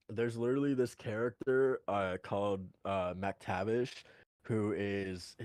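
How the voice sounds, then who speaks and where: A man with a fairly low voice rambles through a casual podcast chat. He fills his talk with hesitations, restarts and quick laughs. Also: dry recording. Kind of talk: casual chat about video games.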